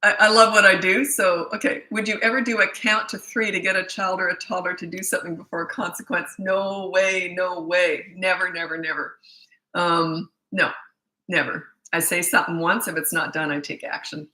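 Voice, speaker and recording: A woman's voice: lowish voice, little pitch movement, moderate pace, sharp tone, echoey room, rough recording. A middle-aged woman parenting coach answering viewer questions in a blunt, emphatic way, often restarting her sentences.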